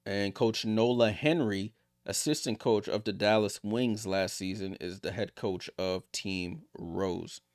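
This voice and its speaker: A man livestreams a basketball watchalong, calling the play-by-play and chatting with viewers at an unhurried pace, growing louder and higher on big plays. The recording is dry and studio quality.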